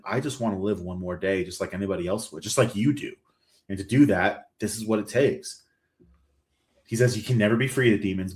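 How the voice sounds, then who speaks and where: A man hosting a podcast, retelling a horror movie's plot in a rambling, animated way with lots of quoted lines. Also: on the low side. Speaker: podcast host.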